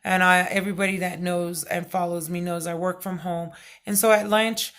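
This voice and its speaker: A middle-aged woman vlogging, telling a personal story in a loud, excitable way, full of fillers. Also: lowish voice, normal speed. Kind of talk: casual storytelling vlog.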